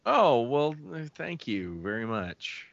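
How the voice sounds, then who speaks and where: A man's voice: medium pitch, very animated, slow pace, creaky, a bit bright, no room sound, lo-fi sound. A man guest on a podcast, a voice actor, chatting casually and rambling a little with many self-deprecating restarts. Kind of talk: casual chat.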